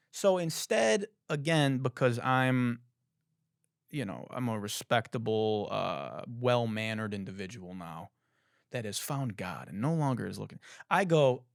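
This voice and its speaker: Animated, storytelling man, dry close sound. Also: mid-range voice, no echo. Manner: animated, profane, acts out the other people in his story. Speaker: podcast host. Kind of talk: comedic storytelling monologue.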